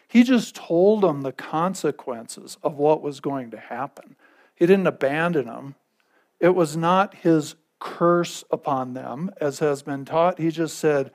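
A man's voice: a little high, a little slow. A male pastor preaching a conversational sermon, repeating phrases and checking in with his listeners.

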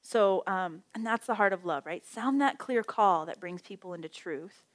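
Here the middle-aged Bible study teacher moves at a moderate pace, her voice mid-range. She keeps it casual and conversational, bringing her stories to life with animated quoted lines.

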